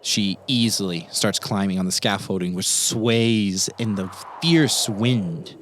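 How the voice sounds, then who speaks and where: A man's voice: lowish voice, a bit bright, a little hiss or hum. Man narrating a zombie game as game master. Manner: quick, vivid scene narration.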